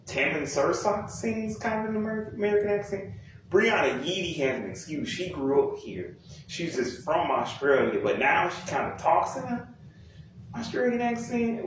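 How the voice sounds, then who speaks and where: A young man giving a blunt, profane, rambling rant about a music album, exasperated and casual. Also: on the high side. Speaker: music commentator. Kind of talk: casual ranting commentary. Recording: very echoey room, distant from mic, faint noise.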